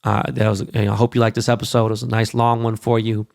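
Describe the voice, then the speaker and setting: A man's voice: on the low side, quick pace, creaky, dry recording, clean studio sound. A man hosting a podcast, ranting casually and profanely about basketball and plugging events. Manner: profane, animated sports rant. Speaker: podcast host.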